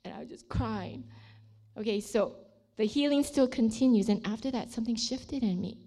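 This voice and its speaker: A woman's voice: a little high, normal speed. Earnest sixty-year-old woman giving testimony. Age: 60s. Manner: animated storytelling, acts out voices in her story; earnest, pleading prayer with repeated "Lord". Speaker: speaker sharing a testimony and leading prayer. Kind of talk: testimony sermon and spoken prayer. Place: room with a seated audience.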